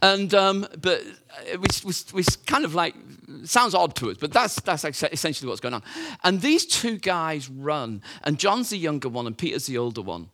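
A man's voice: a little high, very animated, normal speed, hardly any pauses, bright, forceful tone. A man preaching a sermon, telling the story in a conversational way with rhetorical questions and fillers.

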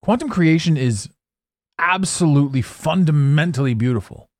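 A man's voice: a little high, animated, normal speed, no echo, clean studio sound. A man hosting a solo podcast, rambling casually, swearing now and then and laughing at his own jokes. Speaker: podcast host.

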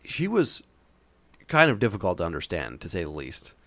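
A man's voice: sits low, wildly swooping pitch, normal speed, fairly bright tone, dry recording. A man casually telling a long, meandering anecdote with frequent hesitations. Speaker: storyteller. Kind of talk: casual chat.

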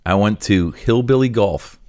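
A man's voice: fairly low pitch, unhurried, darkish tone, no room sound, clean studio sound. A Canadian man co-hosting a podcast, chatting casually and laughing often. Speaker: podcast co-host, pastor. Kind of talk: casual chat.

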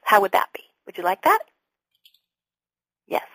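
A middle-aged woman, a business coach being interviewed, talking in an animated way and acting out her sales calls. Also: unhurried, no echo, poor audio. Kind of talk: podcast interview talk.

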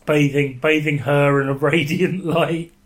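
A man in casual podcast banter, dry and teasing. He drops deadpan one-liners and mock-serious asides. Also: fairly high pitch, measured pace. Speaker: podcast co-host. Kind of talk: casual chat.

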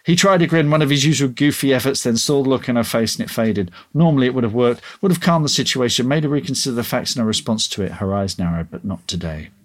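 A man reading his own story aloud in an expressive audiobook style, then chatting casually. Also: medium pitch, quick pace, few pauses.

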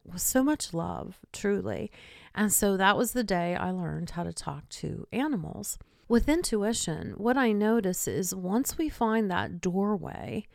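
A woman's voice: lowish voice, gravelly, darkish tone, dry recording, clean studio sound. A woman podcast host telling personal stories in a chatty way, laughing between them. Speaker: podcast host and intuitive medium. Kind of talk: personal storytelling monologue.

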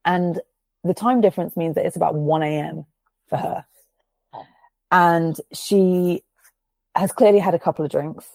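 Gravelly, mellow-voiced woman telling a story. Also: on the low side, unhurried, long pauses, no room sound. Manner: chatty storytelling, filler-heavy, swears freely. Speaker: podcast host. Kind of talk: casual chat.

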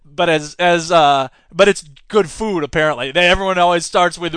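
A man with a high voice hosts a podcast in casual, sarcastic commentary. He laughs often as he talks. His voice is recorded close and dry, with almost no room sound. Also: fairly quick, few pauses, fairly bright tone, clean tone, dry recording. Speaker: podcast host; teacher.

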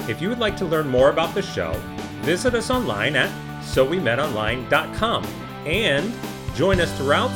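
A man, co-host of a podcast, reading the show's scripted intro in an upbeat announcing way. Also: fairly high pitch. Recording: voice over loud music.

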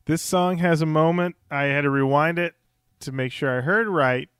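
A man's voice: on the high side, moderate pace, a bit bright, clean tone, no room sound, studio quality. A man hosting a podcast, chatting casually and steering the talk from one co-host to the next. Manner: chatty, steers the discussion and hands off to co-hosts. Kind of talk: casual chat.

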